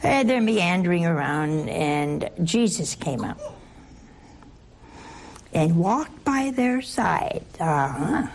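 A woman leading a Catholic Bible study, teaching in an animated, playful way and asking her listeners questions. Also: fairly low pitch, takes it slowly, vocal fry, long pauses, slight background noise. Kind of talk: lively scripture teaching to a group.

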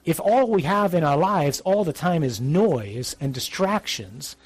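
A man's voice: a little high, lively intonation, a little slow, husky. A man, a priest, giving a conversational religious talk to young adults, blunt and emphatic with some dry humour.

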